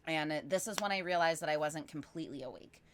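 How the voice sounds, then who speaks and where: Low-voiced woman telling a story. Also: fast, slight background noise. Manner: animated, rambling with frequent fillers. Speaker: podcast guest. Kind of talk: casual storytelling.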